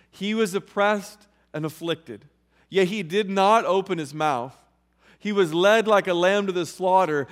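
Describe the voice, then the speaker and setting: Guy preaching a sermon, kinda high voice, long echo of a big church hall. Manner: expository preaching, reading scripture aloud and explaining it. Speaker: pastor.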